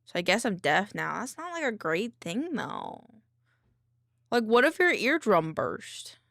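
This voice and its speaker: A woman's voice: medium pitch, huge pitch swings, a little slow, vocal fry, a bit bright, no room sound, clean studio sound. A woman streamer chatting casually while she works, rambling with many restarts and fillers. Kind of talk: casual chat while working.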